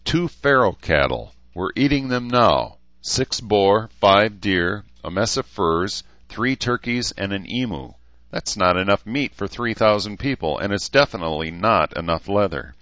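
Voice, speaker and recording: A man's voice: fairly low pitch, lively intonation, measured pace, a bit bright, dry recording, highs cut off, voice pushed up. A man voicing Shilen, a playful, mischievous young woman who asks lilting questions. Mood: teasing.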